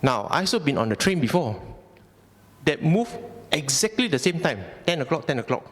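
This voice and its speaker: A man's voice: fairly high pitch, big pitch swings, normal speed, a bit bright. A Malaysian man giving a conversational Buddhist Dhamma talk, often asking the audience questions. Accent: Malaysian English. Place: temple hall. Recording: long hall reverb.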